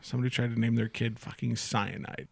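A man's voice: medium pitch, steady tone, brisk, creaky, dry recording. A man hosting a casual chat, reading items off a list, laughing often and swearing casually.

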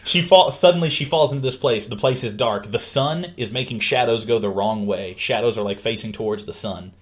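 Here a man with a mid-range voice speaks fairly quickly while hosting a relaxed conversation about a book. He's an eager, animated storyteller who performs the characters with yelps and bursts of laughter.

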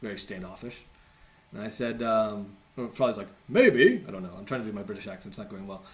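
A man's voice: fairly low pitch, fairly even intonation, fast talker. A man from the United States giving a conversational teaching talk, earnest with self-deprecating asides. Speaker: teacher on evangelism.

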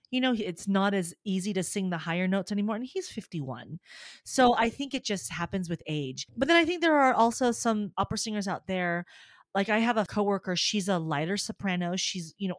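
Forties soprano lady chatting, animated and laughing, pretty dry mic. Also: mid-range voice, dry recording. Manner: animated storyteller, laughs often. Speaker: guest, opera soprano and voice teacher. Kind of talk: casual conversation.

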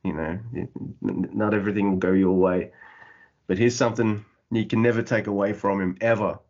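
A man co-hosting a wrestling podcast, recapping a match in excited, profane casual chat. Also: lowish voice, a little fast, muffled recording. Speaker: podcast co-host.

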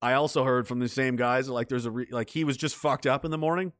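A man's voice: mid-range voice, steady tone, a bit bright, no room sound, studio quality. A man from Canada hosting a livestream, reading chat messages aloud and riffing in casual, profane commentary. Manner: swears freely, jumps from mocking rants to quick chat replies.

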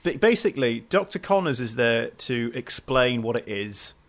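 A man co-hosting a casual film review podcast, animated, laughing often and tripping over his words. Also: medium pitch, normal speed. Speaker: podcast co-host.

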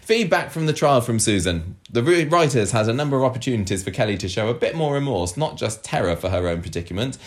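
A man's voice: mid-range voice, fast, hardly any pauses. A man co-hosting a podcast, joking and reading listener feedback aloud in a casual chat. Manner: jokey, lively, reads messages aloud. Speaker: podcast co-host.

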